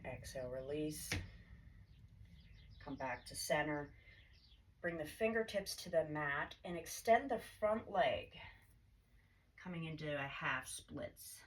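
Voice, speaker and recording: A woman yoga instructor calmly cueing poses and breaths in a guided class, her throat a little choked up. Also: deep voice, slow pace, pauses often. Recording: distant mic with faint background hiss.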